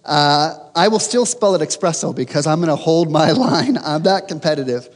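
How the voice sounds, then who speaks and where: A man preaching a sermon, telling a humorous story with animated, self-mocking delivery. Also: fairly high pitch, normal speed, in a large hall. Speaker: pastor.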